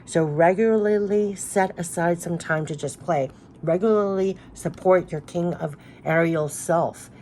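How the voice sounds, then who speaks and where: A woman's voice: fairly low pitch, a little slow, a little mellow, slight background noise. A woman giving a spiritual tarot card reading, talking in an earnest, emotional, rambling way with many restarts.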